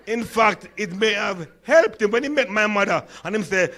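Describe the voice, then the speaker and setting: High-voiced Jamaican man with a stutter. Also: lively intonation, normal speed, fairly bright tone. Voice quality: stutter and lisp. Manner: storytelling, engages audience with questions. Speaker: conference speaker. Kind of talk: humorous keynote talk.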